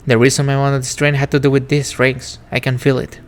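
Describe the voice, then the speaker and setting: A man's voice: mid-range voice, flat delivery, fairly quick. A man streaming a narrative game, reading its first-person text in a reflective, wistful way. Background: faint game music.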